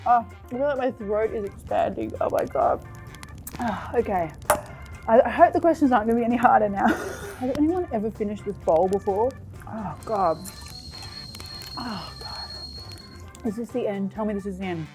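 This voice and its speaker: A woman's voice: medium pitch, moderate pace, long pauses, music in the background. A woman hosting a cooking show, mouth burning and eyes teary from chili, exclaiming and laughing between gasps in casual chat. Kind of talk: casual food challenge chat. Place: kitchen studio.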